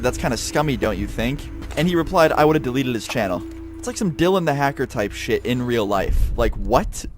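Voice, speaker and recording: A young man, a YouTuber, telling a story casually and animatedly, with lots of swearing. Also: mid-range voice. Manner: animated, profane, heavy swearing. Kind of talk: casual storytelling over gameplay. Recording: game sounds and gunfire behind voice. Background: gunfire and clicks from a game.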